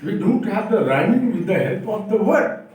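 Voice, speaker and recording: A man with an Indian English accent lectures teachers at a workshop in a classroom or hall, speaking emphatically and putting questions to the room. His high voice is animated and a little mellow, at a normal speed. The recording is very echoey, with a distant mic and faint noise.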